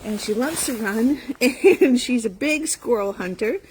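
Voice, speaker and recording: A woman's voice: a little high, lively intonation, unhurried, darkish tone, slight background noise, rough recording. A woman who runs an animal rescue, talking casually to her phone camera in a barn full of dogs. She speaks affectionately to the dogs and laughs often. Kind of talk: casual morning vlog. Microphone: handheld phone camera.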